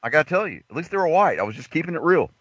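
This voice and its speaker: A man hosting a call-in show, telling stories in a crude, excitable way. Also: a little high, rapid-fire, dry recording, muffled recording. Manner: crude, excitable, laughing storyteller. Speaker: host. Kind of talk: casual chat.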